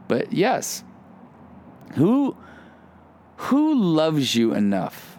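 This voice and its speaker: A man's voice: mid-range voice, a little slow. A man giving a conversational sermon, telling a personal story and acting out the dialogue in it. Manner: storytelling, animated, acts out quoted dialogue. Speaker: pastor.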